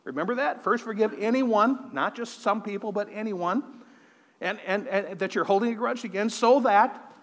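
A man with a fairly high voice preaches earnestly, stumbling into his phrases with repeated words. His sermon rings out with a long reverb around it. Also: moderate pace, fairly bright tone. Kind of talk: sermon with personal testimony.

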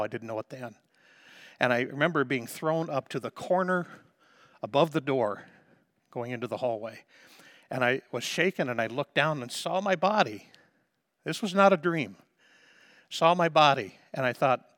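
Man, pastor, sermon testimony, medium pitch, hushed to impassioned, dry close sound. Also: dry recording.

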